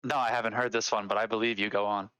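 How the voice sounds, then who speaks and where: Dry, bright-voiced man. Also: on the low side, flat delivery, quick pace, clear, resonant tone, dry recording. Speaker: player.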